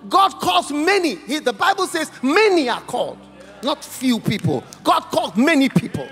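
A man's voice: very high-pitched, sing-song, normal speed, pushed and bright, big-room sound, soft background music. A man preaching an impassioned altar-call sermon, exhorting the crowd with repeated phrases and breaking into tongues. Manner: repetitive, exhorting, speaks in tongues. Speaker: guest preacher. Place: large church hall.

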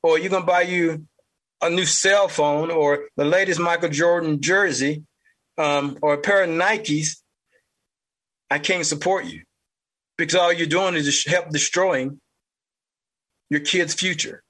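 A man with a Southern US accent, hosting a podcast with blunt, fired-up political commentary, mild cursing and a husky voice. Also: a little high, fairly even intonation, a little slow, long pauses, a bit bright. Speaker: podcast host.

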